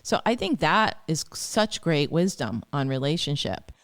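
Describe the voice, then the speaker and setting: A woman astrologer giving dating advice as a podcast guest, chatty and animated, acting out what her clients say. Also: low-pitched, unhurried. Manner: chatty, acts out clients' words. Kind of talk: podcast interview, advice talk.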